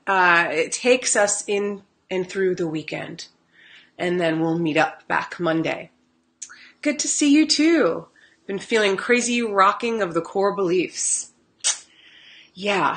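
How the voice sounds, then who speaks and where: Female spiritual card reader, live-stream host; bright tone, casual and animated, laughs easily. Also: mid-range voice. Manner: chatty, animated storytelling with laughs. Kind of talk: live-stream chat with viewers.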